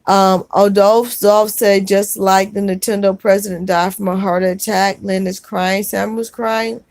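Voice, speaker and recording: Gentle woman reading live comments. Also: mid-range voice, little pitch movement, gravelly, dry recording. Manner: gentle and consoling, calls viewers sweetheart; halting, with fillers and restarts. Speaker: vlogger hosting a livestream. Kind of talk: casual livestream chat, reading viewer comments aloud.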